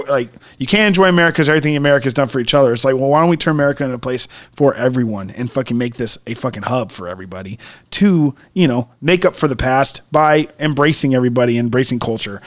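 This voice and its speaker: A man's voice: mid-range voice, fast talker. A young man co-hosting a podcast in casual chat, rambling with lots of fillers and swearing. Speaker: podcast co-host.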